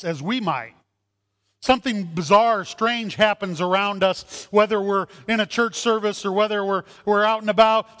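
High-voiced pastor preaching in a reverberant hall. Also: male voice, moderate pace. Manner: animated, acts out voices in his stories. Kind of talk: sermon.

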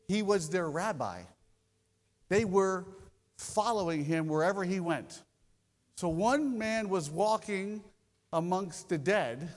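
High-voiced man preaching in a reverberant hall. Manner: storytelling, shifting between slow emphasis and quick asides. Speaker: pastor. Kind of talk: sermon.

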